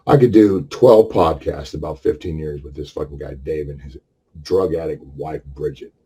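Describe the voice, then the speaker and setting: A man in his sixties with a husky voice tells a long story in a casual rant. He curses freely and rambles through the details. His pitch swings widely as he gets worked up. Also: mellow. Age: 60s. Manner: profane, rambling, heated storyteller. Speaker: vlogger.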